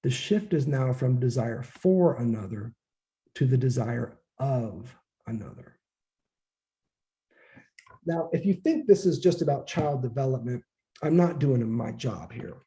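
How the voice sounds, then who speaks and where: This man's lecture is unhurried and informal, delivered in a dark, medium-pitched voice with lively intonation. Conversational throughout, he performs quoted voices and curses from time to time.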